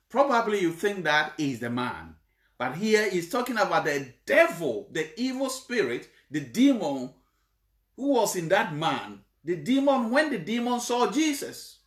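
Slow, lively preacher in an echoey room. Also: medium pitch. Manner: checks in with the congregation, repeats points. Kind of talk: sermon, Bible exposition.

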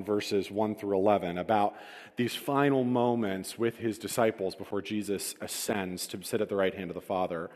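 A man preaching a sermon in a conversational, self-deprecating storytelling manner, in a church hall. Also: mid-range voice. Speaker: pastor. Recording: reverberant hall.

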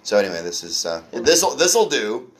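A man's voice: mid-range voice, very animated, moderate pace. A man hosting a podcast interview in a hotel room, earnest and rambling, full of "you know". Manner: rambling, earnest, many fillers. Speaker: podcast host. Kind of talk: casual interview chat.

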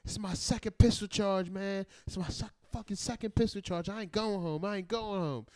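A man's voice: sits high, fairly even intonation, brisk, dry recording, pitched above the performer's own voice, close to an everyday voice. A man doing a panicked young guy in a cell. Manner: frantic, repeating himself. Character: panicked twenty-year-old man facing jail.

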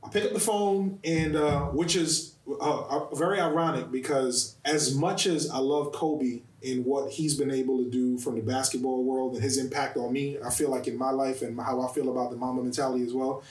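A man hosting a podcast in casual chat, telling stories in an animated way and stressing his words. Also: mid-range voice, moderate pace, few pauses, roomy sound, rough recording. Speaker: podcast host.

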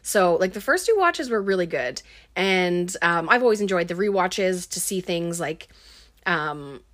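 A woman's voice: on the low side, animated, unhurried, a bit bright. A woman talks through a movie plot in a loose, casual way. She leans heavily on fillers like "um" and "like" as she goes. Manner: filler-heavy, lots of um and like. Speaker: film recap host.

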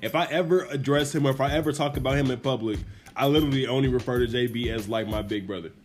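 A young man hosting a podcast in casual chat, telling stories animatedly and acting out quotes in a profane, lively way. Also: fast, faint music behind. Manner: acts out quotes with big pitch jumps, profane. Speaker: podcast host.

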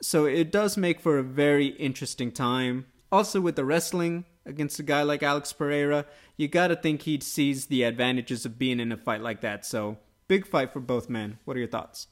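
A man hosting a casual MMA podcast, talking quickly and upbeat, tossing questions to his co-host. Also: a little high. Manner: quick, upbeat, conversational with quoted asides. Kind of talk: casual sports chat.

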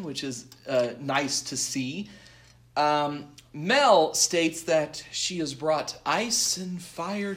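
A man co-hosting a podcast, recapping an episode from his notes in a halting way with many fillers. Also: on the high side, a bit bright. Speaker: podcast co-host.

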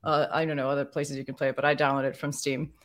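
Low-voiced chatty woman guest. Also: fast talker. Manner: chatty, animated storytelling. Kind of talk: casual panel chat.

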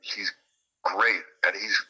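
A male music producer and guitarist chats in an interview, telling long stories. His voice sits a bit low but carries a sharp, bright edge. He rambles, restarts sentences and leans on fillers. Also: fairly even intonation, takes it slowly, slightly rough, lo-fi sound. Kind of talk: casual interview chat.

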